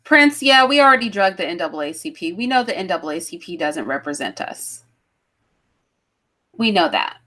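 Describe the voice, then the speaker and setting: A woman's voice: on the low side, sing-song, moderate pace, pushed and bright. A woman hosting a livestream talk show, chatting casually with guests and her live chat, laughing and thinking aloud as she goes.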